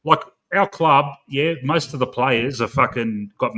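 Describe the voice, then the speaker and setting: A man's voice: mid-range voice, unhurried, sharp tone, rough recording. A man in casual chat on a late-night call, talking bluntly and swearing freely.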